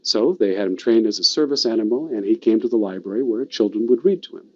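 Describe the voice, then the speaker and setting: Guy telling a story, lots of pauses and drama, kinda muffled lo-fi sound. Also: fairly low pitch. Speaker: storytelling presenter. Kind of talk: storytelling talk.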